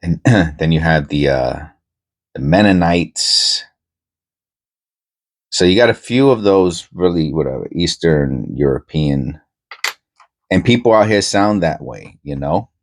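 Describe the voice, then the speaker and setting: Man, New York accent, middle-aged, extremely low voice, rambling casual chat, lots of ums and pauses. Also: lively intonation. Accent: New York, softened toward Pennsylvania. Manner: unhurried, meandering, many filler pauses. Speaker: coin roll hunting host. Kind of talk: casual rambling chat while searching coins.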